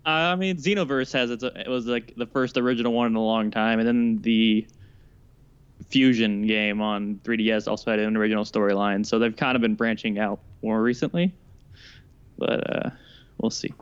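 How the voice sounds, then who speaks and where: A man co-hosting a gaming podcast, talking casually and chattily with halting restarts. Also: on the low side, fairly even intonation, smooth, muffled recording. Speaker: podcast co-host. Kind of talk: casual chat.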